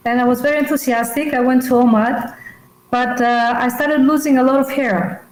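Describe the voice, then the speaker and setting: A woman's voice: high voice, fairly even intonation, moderate pace, reverberant, poor audio. A woman calling in to a live show, asking a question in a hesitant, polite way over a call line. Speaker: caller.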